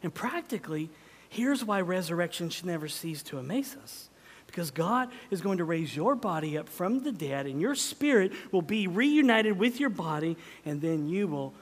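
A middle-aged man delivers a sermon in a high voice. He swings from loud exclamations to hushed, almost whispered lines. The sound carries the long reverb of a large church hall. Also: very animated, normal speed, a little hiss or hum. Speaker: pastor. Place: church sanctuary.

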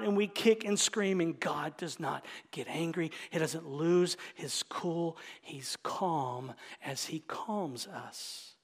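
A middle-aged pastor preaching with a high-pitched voice. He swings from loud, fervent emphasis down to hushed, near-whispered tenderness. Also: slow, breathy edge. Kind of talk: sermon.

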